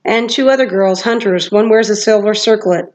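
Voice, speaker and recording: A woman's voice: mid-range voice, moderate pace, darkish tone, close to an everyday voice. Woman putting on a sneering French-accented monster doctor. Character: sneering male monster doctor, cruel and resentful.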